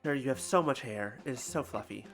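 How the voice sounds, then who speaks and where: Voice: mid-range voice, a little fast, a bit bright, soft background music. A game streamer commenting casually and making self-deprecating jokes between reading lines. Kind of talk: casual let's-play commentary.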